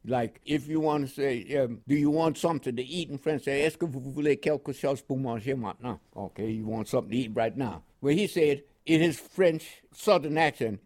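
A man's voice: medium pitch, fairly quick, hardly any pauses, a little mellow. An older man recounting his wartime service in an oral history interview, rambling and chuckling, with frequent repeated words. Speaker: war veteran interviewee.

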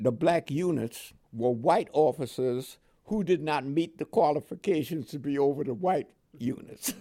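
Lively older man telling war stories. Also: fairly high pitch. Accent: New York with West Indian touches. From Panama. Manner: lively storyteller who laughs often and acts out dialogue. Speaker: interviewee, veteran. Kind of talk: oral history storytelling.

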